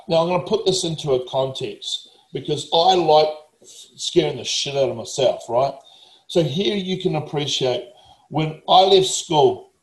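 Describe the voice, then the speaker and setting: A man's voice: a little high, reverberant, rough recording. A man, a motivational speaker talking casually, blunt, emphatic and swearing heavily. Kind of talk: casual talk.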